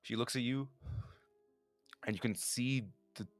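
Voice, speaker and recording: A man's voice: medium pitch, steady tone, unhurried, faint music behind. A man narrating as game master, casual with frequent restarts.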